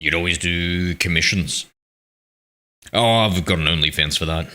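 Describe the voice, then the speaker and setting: A man's voice: deep voice, moderate pace, bright, forceful tone. A man live-streaming a game, chatting casually with his viewers in a rambling, self-deprecating way and reading their messages aloud. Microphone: streaming mic with noise suppression filter.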